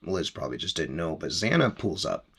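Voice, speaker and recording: A man's voice: low voice, big pitch swings, brisk, creaky, a bit bright, slightly rough. A man hosting a podcast, casually recapping a book chapter in a rambling, chatty way with easy laughs.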